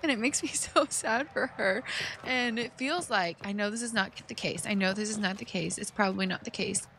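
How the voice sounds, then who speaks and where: A woman's voice: medium pitch, brisk, fairly bright tone, slight background noise. A woman streamer commenting on a video game as she plays, chatty and emotional, rambling through her thoughts. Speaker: let's play streamer. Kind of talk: casual gameplay commentary.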